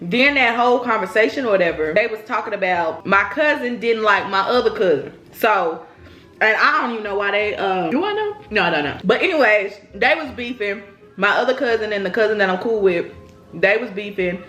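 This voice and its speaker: A woman's voice: mid-range voice, expressive, a little fast, a bit bright, faint music behind. A young woman telling a rambling story to her viewers in a casual vlog. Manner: chatty, rambling, addresses viewers directly. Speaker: vlogger. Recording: roomy echo.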